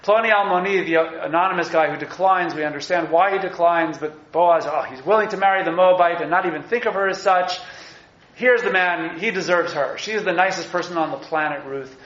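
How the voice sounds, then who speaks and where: A man teaching a text study class, animated and enthusiastic, acting out the lines he quotes. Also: on the high side, moderate pace, reverberant, highs cut off. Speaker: Torah teacher.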